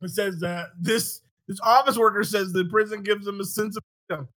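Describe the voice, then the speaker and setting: Male podcast host, bright and punchy, loose and profane, dry sound. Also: high-pitched, fairly quick, dry recording. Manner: animated, swears freely, laughs often. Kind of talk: casual chat.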